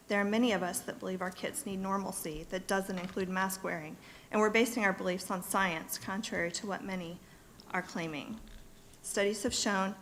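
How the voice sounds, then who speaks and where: A woman reads prepared remarks to a school board from a podium in a public meeting room. Her delivery is earnest and steady, at a middle pitch, with a faint hum of room ambience behind her. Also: rough recording. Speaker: parent speaking at public comment.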